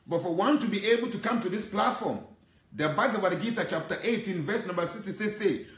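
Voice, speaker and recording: A man's voice: sits high, expressive, brisk, a bit bright, reverberant. A man preaching an earnest, emotional sermon, reciting Sanskrit verses and explaining them. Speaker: spiritual teacher.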